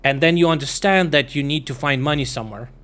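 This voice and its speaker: A man's voice: fairly high pitch, quick pace, a bit bright. A man streaming, talking in a casual, meandering way with lots of swearing, fillers and restarts. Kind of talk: rambling casual stream chat.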